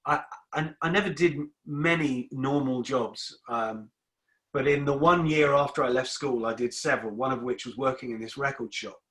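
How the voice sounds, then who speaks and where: A middle-aged man with a bright, clear-edged voice, chatting as an interview guest. He rambles and stumbles over repeated words before finishing a thought. His pitch sits around the usual for a man. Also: moderate pace. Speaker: guest musician. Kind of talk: casual interview chat.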